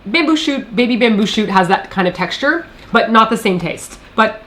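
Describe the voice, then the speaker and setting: A woman's voice: fairly high pitch, animated, normal speed, fairly bright tone. A woman co-hosting a casual food chat, chatty and reading out viewer comments. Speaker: co-host. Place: home studio.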